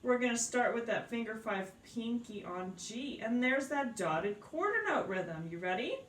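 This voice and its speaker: A woman's voice: on the high side, expressive, unhurried, fairly bright tone, a little hiss or hum. A woman teaching a beginner piano lesson, explaining patiently, counting aloud and checking in with her students. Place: indoors at a piano. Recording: roomy sound from off-mic, piano behind.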